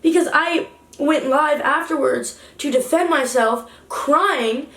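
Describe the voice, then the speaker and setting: A woman's voice: sits high, slow pace, fairly bright tone. A young woman vlogger giving a heated, indignant storytime rant to the camera. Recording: roomy echo, distant from mic.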